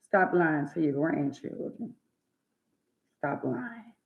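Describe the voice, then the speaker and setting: Her voice is low and animated but slow as this live-stream host rants preachily at her audience. She's blunt and profane and repeats words to drive points home; the recording sounds dull and lo-fi in an echoey room.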